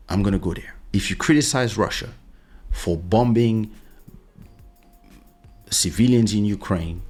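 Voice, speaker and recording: A male podcast host in his home office, talking casually and insistently, often repeating "listen" as he tells a personal story. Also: low-pitched. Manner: insistent, keeps saying "listen" to drive points home. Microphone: studio USB mic.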